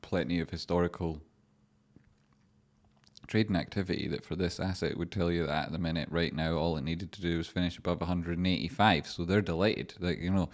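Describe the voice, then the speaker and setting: A young man hosts a casual livestream, talking in a low register. He rambles from thought to thought, joking and swearing freely. His voice stays deep throughout, with the loose, unscripted flow of live chat. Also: fairly even intonation, fairly quick. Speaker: livestream host.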